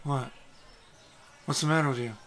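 A man voicing a slow, gruff male bugbear guard who grumbles in a lowered voice. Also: steady tone, fairly bright tone, close to an everyday voice. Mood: irritated, puzzled.

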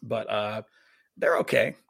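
A man's voice: lowish voice, slow pace, vocal fry, fairly bright tone, slightly rough. A man chatting as a guest musician on a podcast, laid-back and hesitant, with plenty of fillers and dry humor. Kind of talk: casual interview chat.

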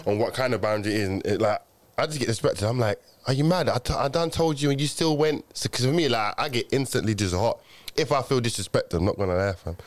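A young man in casual group chat, talking quickly with lots of slang and restarts. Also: mid-range voice.

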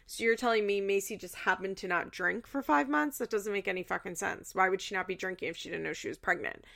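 A woman's voice: mid-range voice, fast talker, creaky, fairly bright tone. A woman host chatting casually in a recap, chatty and loose with fillers and the odd swear word.

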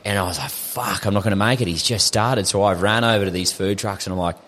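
A man's voice: on the low side, fast, a bit bright, big-room sound, a little hiss or hum. A young Australian man telling stories as a podcast guest, laid-back, swearing often and laughing through his tales. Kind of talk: casual storytelling chat.

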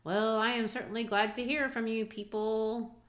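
A woman reading as a smooth condescending businessman. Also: on the high side, flat delivery, moderate pace, echoey room, pitched above the performer's own voice, close to an everyday voice. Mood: mock-polite.

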